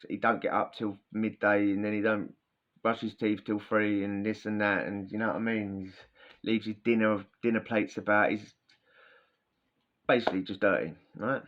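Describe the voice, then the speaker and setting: A man telling prison stories in a chatty, slangy, rambling way. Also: fairly low pitch. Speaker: podcast host. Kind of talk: casual storytelling. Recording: dull lo-fi sound.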